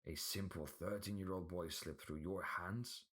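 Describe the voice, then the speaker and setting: Man doing an evil wizard lord, dark deep voice, slow and menacing. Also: steady tone. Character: furious tall male dark wizard villain.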